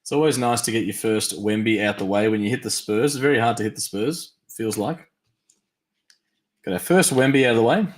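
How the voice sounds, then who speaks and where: A man hosting a live-stream trading card break, tired and yawning, chatty as he reads teams and cards in quick lists. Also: fairly low pitch, echoey room. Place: at a desk during a live stream.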